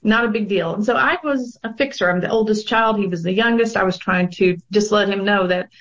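A woman's voice: medium pitch, a little fast, fairly bright tone, highs cut off. A woman sharing her personal experience in a panel discussion, earnest and reflective, with frequent fillers. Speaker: guest sharing her own story of abuse.

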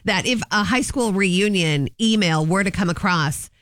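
A woman's voice: medium pitch, normal speed, a bit bright, dry recording, clean studio sound. A woman co-hosting a radio show, chatty and playful. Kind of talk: casual radio banter.

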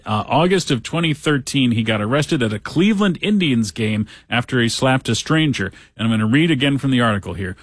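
A man's voice: medium pitch, dry recording, clean studio sound. Wry man riffing on news. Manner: wry, joking, reads articles aloud. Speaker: talk show host. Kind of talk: casual news commentary.

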